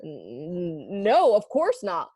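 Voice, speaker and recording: A woman's voice: fairly low pitch, huge pitch swings, extremely slow, dark tone, husky, dry recording, studio quality, heavily acted. A woman reading aloud as a timid grown man who stammers sheepishly. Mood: flustered.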